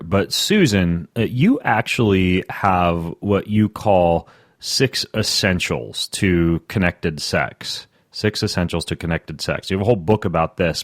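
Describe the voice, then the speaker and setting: A man's voice: deep voice, no room sound, clean studio sound. A man hosting a podcast, talking in a playful, conversational way as he introduces and questions his guests. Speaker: podcast host.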